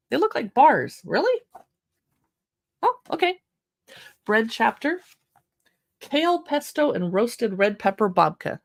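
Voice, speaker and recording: A chatty woman hosting a casual livestream, leafing through a cookbook and exclaiming over the pictures with self-deprecating asides. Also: medium pitch. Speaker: livestream shopping host.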